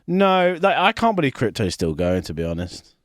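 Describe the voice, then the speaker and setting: A man's voice: mid-range voice, sing-song, normal speed, no echo, studio quality. A man co-hosting a comedy podcast, chatting casually and rambling with lots of "like" and "mate". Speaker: podcast co-host.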